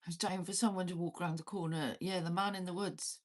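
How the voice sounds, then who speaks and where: A Welsh woman chats loosely with her viewers on a livestream, her voice sitting a little low. She laughs a lot and swears without a second thought. She is talking from inside her cabin. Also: steady tone, fairly quick. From Wales. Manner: laughs often, swears freely, banters with chat. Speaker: livestream host. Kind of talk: casual livestream chat with viewers.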